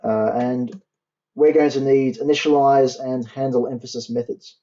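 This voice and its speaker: A young man tutoring a university class, walking through code as he types and spelling out syntax slowly, with keyboard clicks behind him. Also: mid-range voice, steady tone, mellow, lo-fi sound. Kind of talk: coding tutorial.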